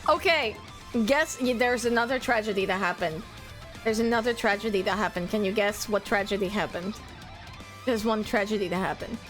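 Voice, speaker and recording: A woman streamer, a native French speaker, chatting casually and reading her chat aloud, bubbly and excitable. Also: mid-range voice, brisk, faint music behind. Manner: bubbly, excitable, squeals greetings to viewers.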